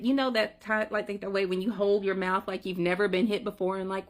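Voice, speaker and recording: A woman telling a funny story to her viewers in a lively, comic way, often calling out to them as "y'all.". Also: mid-range voice, normal speed. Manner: animated, comic, addresses listeners as "y'all". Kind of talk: casual storytime.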